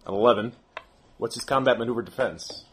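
A man playing a tabletop game, chatty and quick to laugh. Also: medium pitch, very noisy. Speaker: player. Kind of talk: casual tabletop play.

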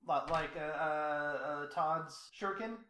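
A man's voice: on the high side, measured pace, pushed and bright, echoey room, slight background noise. A man running a tabletop role-playing game as game master, talking casually and wryly with many restarts. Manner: rambling, restarts, wry.

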